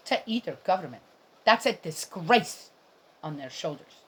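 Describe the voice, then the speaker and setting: A woman's voice: lowish voice, animated, unhurried, a bit bright, husky. A middle-aged woman giving casual, indignant commentary on a Bible reading, rambling and speaking straight to her viewers.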